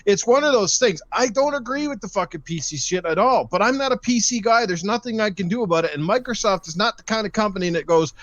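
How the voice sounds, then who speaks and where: A man's voice: high-pitched, lively intonation, quick pace, few pauses, fairly bright tone, dry recording, dull audio. A man on a gaming podcast, ranting heatedly with lots of swearing. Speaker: podcast panelist. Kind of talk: casual podcast rant.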